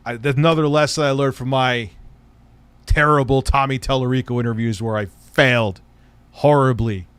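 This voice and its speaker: A man's voice: mid-range voice, steady tone, moderate pace, fairly bright tone, smooth, no echo. A man hosting a livestream, chatting casually and rambling through crude, profane jokes. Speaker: streamer host. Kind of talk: casual livestream reaction chat.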